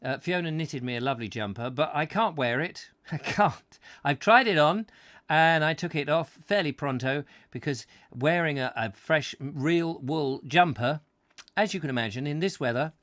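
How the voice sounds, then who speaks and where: A man's voice: on the high side, lively intonation, normal speed, a bit bright, no echo, clean studio sound. A man hosting a comic live-stream chat show, rambling and jokey, trailing off with fillers. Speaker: host.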